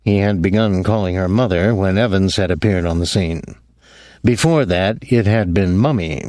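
A man narrating an audiobook in a measured, even way. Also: low-pitched, no echo, studio quality.

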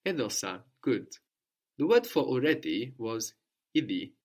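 A man's voice: mid-range voice, big pitch swings, measured pace, a little mellow. Patient male language teacher. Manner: patient, prompting with questions and repeating answers. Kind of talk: guided language lesson.

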